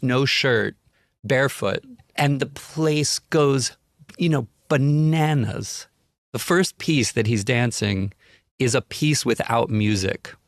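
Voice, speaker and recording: With a mid-range voice in clean studio sound and no room sound, a man appearing as a talk show guest tells a storytelling anecdote on a podcast. He's animated and vivid, performing the other people in his tale.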